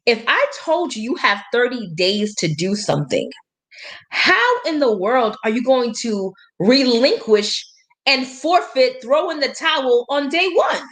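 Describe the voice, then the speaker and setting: Woman, motivational coach, slightly high voice, emphatic and preachy, quotes scripture, laughs between points. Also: very animated, measured pace, fairly bright tone. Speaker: life and business coach. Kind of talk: motivational live-stream talk.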